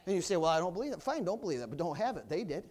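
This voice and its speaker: A male preacher with a strikingly high voice delivers a loud, fiery sermon in a church. He swings into calls of hallelujah and praise the Lord as he drives each point home. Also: sing-song, racing. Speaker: pastor.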